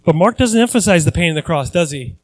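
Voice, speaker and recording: A man's voice: on the high side, animated, quick pace, darkish tone, no echo. A male pastor preaching a conversational sermon, earnest and repeating phrases for emphasis.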